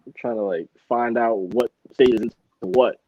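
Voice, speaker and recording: A man's voice: medium pitch, moderate pace, lo-fi sound. A man talking as a rapper guest on a casual podcast, laid-back and slangy, laughing often. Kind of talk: casual chat.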